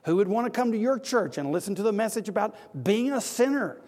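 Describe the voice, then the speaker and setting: Brief: sarcastic doubting man, higher and louder than plain talk, echoey hall, as a preacher acts him out. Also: expressive, fast talker. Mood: scornful. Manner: sarcastic, incredulous. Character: scornful skeptical man mocking the preacher.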